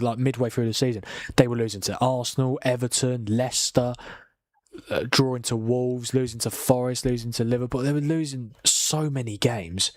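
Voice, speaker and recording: Tired from a long night of watching, a young man hosts a live football watchalong stream, chatting casually, laughing, swearing at times, and reading out the chat. His voice is medium-pitched with no echo.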